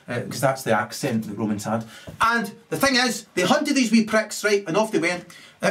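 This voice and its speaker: A man delivering an angry, profane monologue, peppering his talk with "right?" and swinging his pitch up and down. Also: very animated, a little fast, fairly bright tone, a little hiss or hum. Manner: ranting, sweary, keeps asking "right?", big swings in pitch. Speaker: video ranter.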